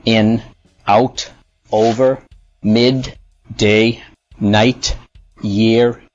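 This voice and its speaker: A man with a Boston accent reading word lists and a short story, slowly and deliberately. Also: fairly low pitch, fairly even intonation, dry recording, muffled recording, faint music behind. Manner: slow, deliberate, one word at a time. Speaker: language sample speaker.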